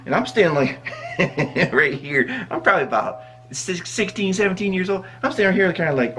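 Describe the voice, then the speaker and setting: A man from the US Midwest, a vlogger, telling a funny story in a casual, animated way and laughing along. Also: medium pitch, a little fast.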